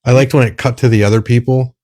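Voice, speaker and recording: A man's voice: mid-range voice, fairly even intonation, fast talker, mellow, no echo. A man co-hosting a podcast in casual chat, rambling and searching for words as he talks. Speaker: podcast co-host.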